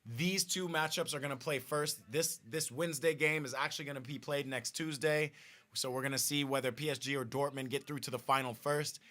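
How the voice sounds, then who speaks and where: A man hosts a football watch-party stream, talking loosely and reading viewers' comments aloud. His voice is bright and forceful, sits at a medium pitch, and his sentences often stop and restart. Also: steady tone, a little fast. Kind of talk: casual live-stream football chat.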